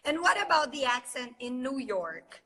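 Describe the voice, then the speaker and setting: A woman's voice: high voice, sing-song, moderate pace, fairly bright tone, low-quality recording. A Brazilian woman speaking English as her second language with a Brazilian accent, hosting a casual live chat as an English teacher. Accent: Brazilian Portuguese. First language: Portuguese.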